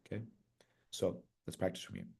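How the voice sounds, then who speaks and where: A man teaching a hymn chant step by step, singing short syllable phrases between quiet explanations and often checking in with "right?". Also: deep voice, flat delivery, a little fast, creaky, husky. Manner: patient, checks in with "right?" and "okay?".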